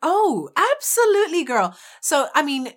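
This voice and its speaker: A young adult woman co-hosting a podcast, animated and teasing, laughing often in casual chat. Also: high voice, measured pace. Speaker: podcast co-host.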